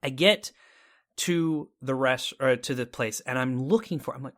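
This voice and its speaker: A man's voice: medium pitch, a little slow, a bit bright. A man from Texas co-hosting a casual talk show, telling a story animatedly and acting out his own reactions. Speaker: podcast co-host.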